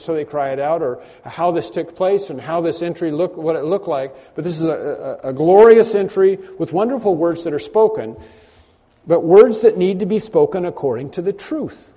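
A man preaching a conversational sermon, often clearing his throat and repeating words. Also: on the high side, dark tone. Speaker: pastor. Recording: long hall reverb.

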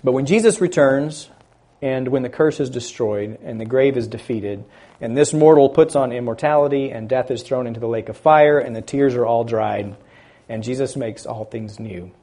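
A man preaching a sermon, building loud on key words and dropping quiet at the ends of phrases, stressing scripture slowly. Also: mid-range voice. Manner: slow, deliberate emphasis on scripture phrases.

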